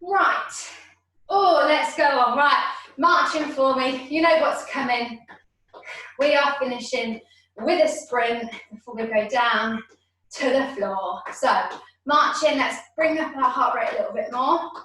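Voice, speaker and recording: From a room at home, a fitness instructor leads an online exercise class over a video call, cheering people on and counting reps while sometimes out of breath. Her high voice is a little slow with a sharp tone. The room is very echoey and she sounds far from the mic.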